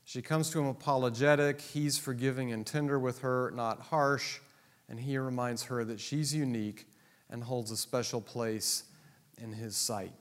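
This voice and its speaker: A man's voice: medium pitch, fairly even intonation, normal speed. A man teaching a Bible class to a live audience, joking and teasing his listeners as he explains the text. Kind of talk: classroom lecture. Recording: long hall reverb.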